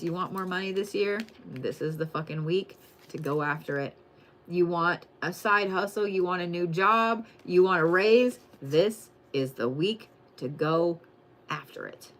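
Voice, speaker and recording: A woman giving a casual, profane, excitable weekly zodiac reading and calling her viewers y'all. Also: lowish voice, a little hiss or hum. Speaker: tarot and astrology reader.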